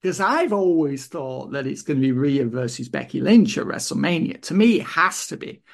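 Rambling higher-voiced male podcast co-host. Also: animated, normal speed, vocal fry. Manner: rambling, many "you know" fillers and restarts. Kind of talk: casual wrestling chat.

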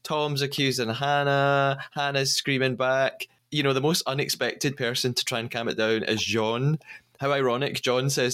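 Male podcast host, mid-pitched, lively chatty storyteller. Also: moderate pace. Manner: animated storytelling, laughs often. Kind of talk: casual podcast recap.

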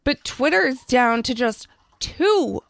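A woman co-hosting a casual radio talk show, chatty with vocal fry and frequent laughter. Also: sits high, lively intonation, slow pace, no room sound, clean studio sound. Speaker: radio co-host.

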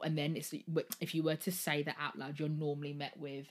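A woman's voice: low voice, level tone, a little fast, hardly any pauses. A woman hosting a solo podcast, talking candidly and rambling, swearing freely as she goes. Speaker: podcast host.

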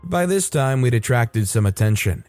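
Mellow-voiced man reading stories aloud. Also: medium pitch, expressive, normal speed, no echo, faint music behind. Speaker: story narrator.

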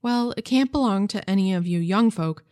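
A woman's voice: mid-range voice, normal speed, clean tone, close to an everyday voice. A woman voicing a prim church usher lady. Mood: polite inquiring. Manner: proper, gently inquiring. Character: older woman church usher, polite and fussy.

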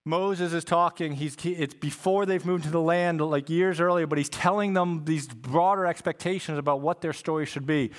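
A male pastor preaching a sermon in a church, conversational and repeating key phrases for emphasis. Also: a little high. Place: church sanctuary with congregation.

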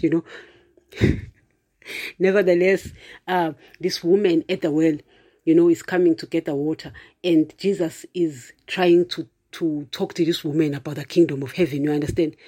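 A preacher talks to online viewers in a loose, conversational way rather than a formal sermon. The speaker keeps turning to the listeners with "you know" and "guys", laughs often, and punches points with emphatic asides. The voice sits at a middle pitch. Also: dark tone. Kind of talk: casual spoken preaching to viewers.

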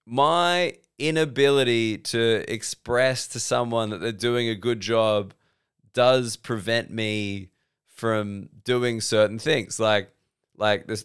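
Rambling Australian comedian, smooth voice. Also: male voice, lowish voice, a bit bright. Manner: rambling, self-deprecating, swears freely. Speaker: podcast host, comedian. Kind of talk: solo casual podcast monologue.

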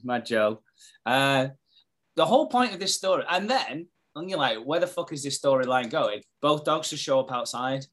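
A man's voice: medium pitch, animated, moderate pace, a bit bright. A man co-hosting a casual podcast, adding dry, jokey asides while recapping a soap plot. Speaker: podcast co-host.

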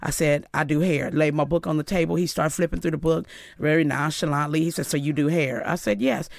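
A woman's voice: brisk, vocal fry, no room sound. A middle-aged woman from Inglewood, California, a guest in a radio studio, telling stories animatedly and acting out the voices in them. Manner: lively, acts out quoted dialogue with big pitch jumps. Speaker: guest, celebrity hairstylist. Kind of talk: animated storytelling interview.

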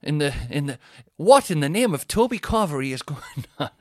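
A man's voice: on the high side, a little fast, no echo. Chatty man, dry studio sound. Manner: chatty, self-deprecating, animated impressions. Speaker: podcast host. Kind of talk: casual comedic monologue.

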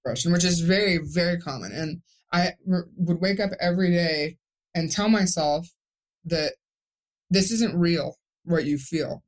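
A young woman who survived a stroke appears as a podcast guest, speaking in a lowish voice at a measured pace. She's candid and emotional, rambling and restarting her sentences during the interview.

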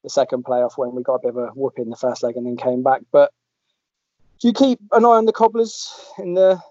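A man's voice: medium pitch, fairly quick, darkish tone, no room sound. A man from England hosting a casual football podcast, chatty and jokey, with rambling restarts. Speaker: podcast host. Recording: dull lo-fi audio.

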